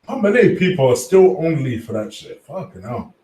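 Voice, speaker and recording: A man's voice: a little high, big pitch swings, fairly quick, dark tone. A chatty man hosts a casual live stream, swearing loosely and calling out viewers by name. He sits back from the mic in an echoey room, so his voice sounds roomy and a little distant. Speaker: fan channel host reading live chat.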